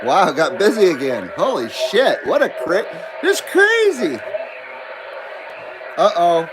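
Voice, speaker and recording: A man hosting a CB radio livestream, chatting casually and reading out viewer comments in a laid-back, drawn-out way. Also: high voice, music in the background, low-quality recording. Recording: steady background noise.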